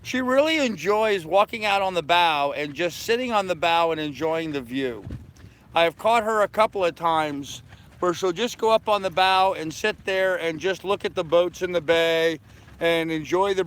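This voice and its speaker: A man's voice: a little high, normal speed, fairly bright tone. An older man chatting casually and rambling on a live stream from the deck of his sailboat, talking to viewers and his dog. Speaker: sailing vlogger.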